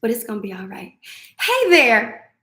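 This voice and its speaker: A woman's voice: a little high, very animated, moderate pace, pushed and bright, roomy sound. A woman hosting a faith-filled morning live stream, exuberant and preachy, breaking into song and affirmations. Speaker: host.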